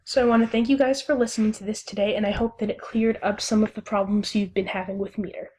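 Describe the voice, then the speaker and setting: A young woman giving a recorded lesson as a teacher, speaking slowly and deliberately and sounding out syllables one by one. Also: mid-range voice, steady tone, a little mellow, husky.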